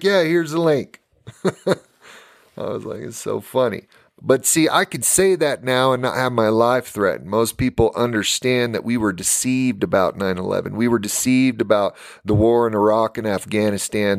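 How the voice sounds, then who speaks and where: A man's voice: mid-range voice, no room sound, studio quality. A man in his forties hosting a podcast, speaking in an earnest, impassioned monologue with bursts of laughter between stories. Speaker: podcast host.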